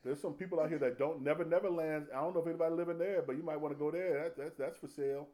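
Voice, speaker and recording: A man's voice: fairly high pitch, racing. A man preaching a humorous, conversational sermon full of folksy slang and laughter. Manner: animated, jokey, laughs often, folksy slang.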